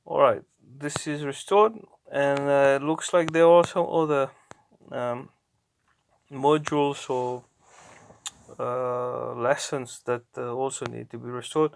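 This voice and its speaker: A man narrating his own language lessons, talking slowly and haltingly and often correcting himself. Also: mid-range voice, steady tone, gravelly, a little hiss or hum. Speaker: language learner. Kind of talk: narrating app lessons aloud.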